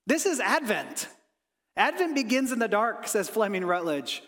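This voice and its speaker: A man with a notably high voice delivers an earnest sermon. He sinks to a soft hush on reflective lines and rises when he voices pleading prayers. The sound trails off in a long reverberant tail, as in a church sanctuary. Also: lively intonation, normal speed. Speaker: pastor.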